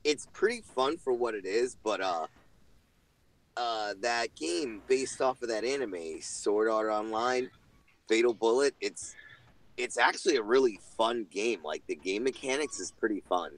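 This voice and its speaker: A man co-hosting a casual gaming podcast, animated and profane, acting out other people. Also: medium pitch, a little slow, no room sound. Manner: animated, swears, acts out people. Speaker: podcast co-host.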